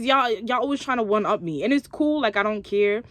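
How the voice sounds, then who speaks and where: A woman's voice: fairly high pitch, expressive, a little fast, no room sound. A young woman vlogging, chatting expressively as she tells a story and acts out what others said. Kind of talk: casual storytelling to camera.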